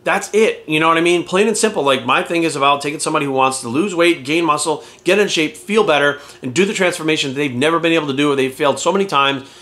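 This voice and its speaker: A man's voice: fairly high pitch, quick pace, hardly any pauses, fairly bright tone. A man talking as a fitness coach in a casual vlog rant, blunt and heavy on swearing and rhetorical questions.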